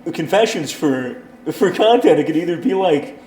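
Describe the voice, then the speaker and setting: A man's voice: fairly high pitch, lively intonation, moderate pace, darkish tone. A man from the United States, a guest in casual banter, joking bluntly and crudely. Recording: roomy echo.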